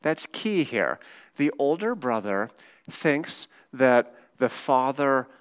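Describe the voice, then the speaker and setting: Male preacher, mid-pitched voice, informal and emphatic, asks rhetorical questions. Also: big pitch swings, slow, smooth. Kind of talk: conversational sermon.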